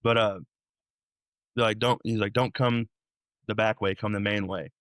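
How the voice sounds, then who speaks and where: A young man recounts his story as a podcast guest. His voice sits low and sounds dry and close to the mic. He talks in an animated, rambling way, often doubling back and restarting his sentences. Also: moderate pace, dry recording. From Illinois, USA. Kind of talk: storytelling interview.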